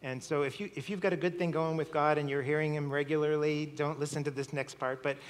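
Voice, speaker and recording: A middle-aged man preaching in a sermon, slightly high-pitched for a man. He tells a story with frequent chuckles and stumbles over repeated words, his voice ringing with the long reverb of a big hall. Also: steady tone, fast.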